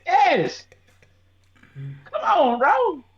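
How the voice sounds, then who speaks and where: A man in his thirties co-hosting a sports podcast, joking loudly and swearing in casual banter. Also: very high-pitched, extremely slow, dull audio, a crowd in the background. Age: 30s. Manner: loud, animated, swearing banter. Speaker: podcast co-host.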